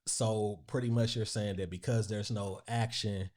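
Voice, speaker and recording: A man hosting a podcast, asking questions in a relaxed way and answering with short okays. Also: fairly low pitch, unhurried. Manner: relaxed questioning with "um" and "okay" acknowledgments. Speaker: podcast host. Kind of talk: casual interview questions.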